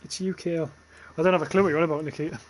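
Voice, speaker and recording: A man's voice: fairly high pitch, fairly even intonation, fast talker. A young man with a Northern English accent, chatting casually and swearing while livestreaming a game and reading chat aloud. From northern England. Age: young adult.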